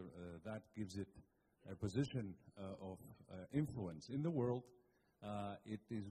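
A man speaking on a debate panel, halting and full of fillers as he builds his point. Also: fairly low pitch, warm tone, slight background noise.

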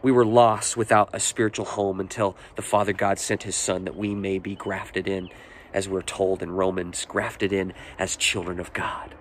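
A man's voice: low-pitched, flat delivery, moderate pace. Man in his forties, pastor preaching, earnest personal storytelling, faint background hiss. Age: 40s. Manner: earnest, personal storytelling with emotional swells and hushed moments. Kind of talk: sermon.

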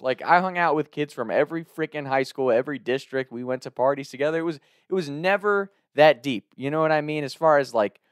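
A man from Northern Kentucky tells a story in a relaxed, chatty way, breaking into laughter again and again. His voice sits a little high for a man and sounds close and dry. He swears casually as he talks. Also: no room sound. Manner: laughs often, loose and profane.

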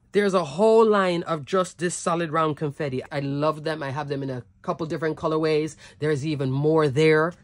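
A woman's voice: low-pitched, dry recording. A woman showing her handmade cards in a chatty, enthusiastic craft tutorial, often checking in with "okay?". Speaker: cardmaking demonstrator.

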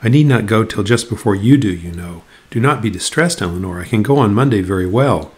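A man's voice: lowish voice, animated, a little fast, darkish tone, lightly acted. A man reading as a brave young heroine. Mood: reassuring. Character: earnest young woman guest, brave, composed.

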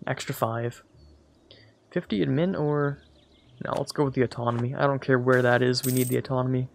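A man's voice: mid-range voice, steady tone, fairly quick, vocal fry, a little hiss or hum. A man giving casual, rambling commentary on a strategy game as a let's play host, correcting himself and joking as he goes. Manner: rambling, self-correcting, jokey asides.

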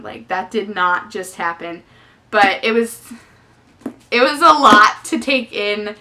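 A woman's voice: a little high, bright, forceful tone. A young woman chatting casually on a book vlog, effusive and talkative, full of fillers. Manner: chatty and effusive, lots of "definitely" and "like". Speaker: book vlogger.

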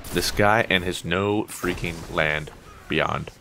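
An American man giving casual, excitable commentary over his own gameplay, full of sudden yelps and playful trash talk. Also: sits low, takes it slowly, creaky, slight background noise. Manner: excitable, yelps and exclaims during fights. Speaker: gaming YouTuber.

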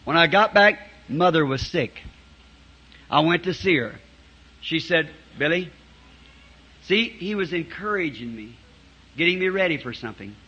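A man's voice: on the high side, animated, unhurried, long pauses, bright, forceful tone, slightly rough. A man preaching a storytelling sermon to a congregation in a church, telling it in a folksy way with frequent chuckles. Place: church meeting before a congregation. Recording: dull, muffled 1960s sermon tape.

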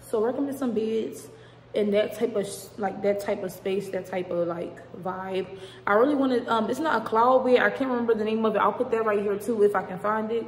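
A woman's voice: medium pitch, a little fast. A young woman vlogging casually at home, chatty and rambling, full of slang. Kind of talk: casual chat to camera. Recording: echoey room with long reverb.

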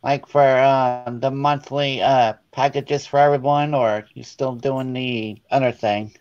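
A man's voice: medium pitch, steady tone, unhurried, a little mellow, clean tone, no echo, muffled recording. A man, a guest on a casual chat, telling stories and laughing often. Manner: laughing, tearful storytelling.

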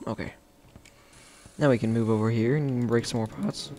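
A man casually narrating his own gameplay as the host of a game video, chatty and playful, with sudden excited shouts. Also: medium pitch, normal speed, noisy background.

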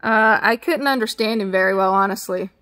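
A woman's voice: mid-range voice, fairly quick, a bit bright. A woman on a phone call who is polite, plays confused and keeps asking questions back. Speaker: call recipient.

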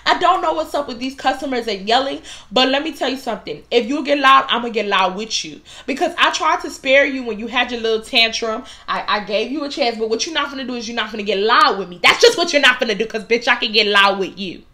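A young woman vlogger telling a work story in a casual, animated and profane storytime monologue, often getting loud for emphasis. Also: a little high, fast, hardly any pauses.

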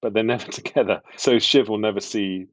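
Pitched on the low side and moving a little fast, this English actor's voice comes through without room sound. Middle-aged and British-accented, he chats easily as an interview guest, his humor wry and self-deprecating.

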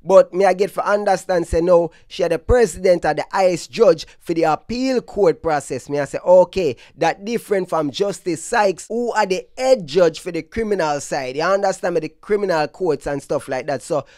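A man from Brooklyn talks in a mixed Jamaican and New York accent, sliding between patois and street slang as he comments on dancehall news. His voice sits a little high and sounds dry and close to the mic. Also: normal speed, hardly any pauses, darkish tone, no room sound. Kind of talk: casual commentary vlog.

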